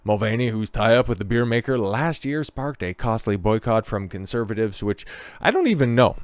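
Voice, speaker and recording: In a lowish voice with lively intonation at normal speed, a man hosts a reaction commentary recorded without echo. He's mocking, sarcastic and often profane, repeatedly closing phrases with "okay?" and "right?"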